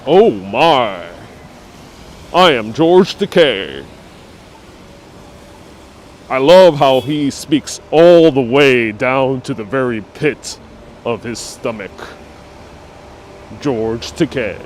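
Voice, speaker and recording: A man's voice: medium pitch, slow pace, darkish tone, slight background noise. A man hosting a live-streamed walking tour outdoors, chatting and reacting to viewer comments. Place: outdoors on city streets. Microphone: wireless lapel mic.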